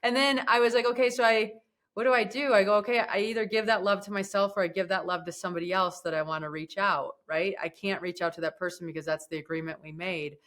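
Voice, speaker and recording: A woman hosting a podcast interview, chatty and expressive, laughing easily. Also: medium pitch, fast talker. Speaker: podcast host. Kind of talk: casual interview talk.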